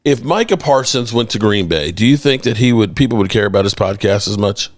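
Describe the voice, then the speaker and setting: A man's voice: fairly low pitch, animated, brisk, no echo. A man hosting a casual sports podcast, talking bluntly and sighing often. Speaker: podcast host.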